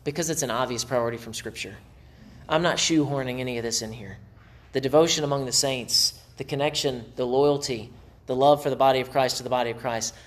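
A middle-aged man preaching a sermon as pastor, in a conversational, animated way with acted asides. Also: medium pitch.

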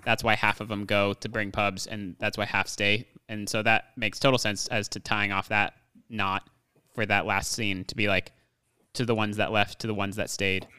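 A man's voice: on the low side, little pitch movement, moderate pace, sharp tone, clear, resonant tone, dry recording. A man co-hosting a casual movie discussion, chatty and hedging, with many fillers.

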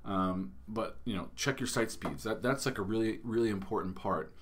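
A man's voice: lowish voice, normal speed. A man in his thirties hosting a casual marketing podcast, talking in a chatty way with lots of fillers and restarts. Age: 30s. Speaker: podcast host.

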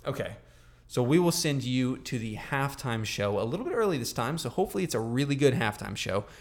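A young man co-hosting a podcast in casual chat, playful and jokey, talking in quick bursts. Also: medium pitch, animated. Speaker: podcast co-host.

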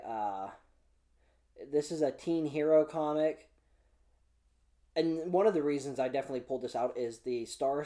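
Young man, mellow, relaxed, casual solo vlog, rambling, lots of fillers. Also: medium pitch. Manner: chatty, rambling, many fillers and restarts. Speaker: comic preview host.

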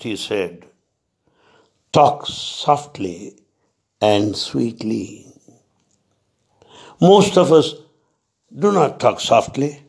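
A man giving a devotional talk, stressing his points in measured lists with pauses. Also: on the high side, darkish tone. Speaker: spiritual speaker.

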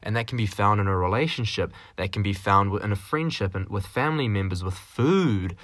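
Low, forceful man. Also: brisk, no echo. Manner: rambling, with many fillers and restarts; jokey, with mild swearing. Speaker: podcast host. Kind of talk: solo podcast monologue.

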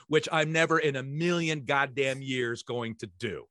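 A man's voice: mid-range voice, a little slow, sharp tone, dry recording. Wry emphatic man, dry close sound. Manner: emphatic and wry, with many fillers and restarts. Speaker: guest, theatre director and writer. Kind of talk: casual podcast conversation.

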